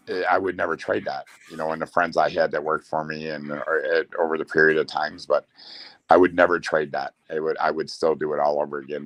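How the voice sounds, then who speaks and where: A man's voice: rumbling low, no room sound, low-quality recording. A middle-aged man telling stories in casual chat, laughing often and restarting his sentences. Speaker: guest, former speedway owner. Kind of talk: casual storytelling.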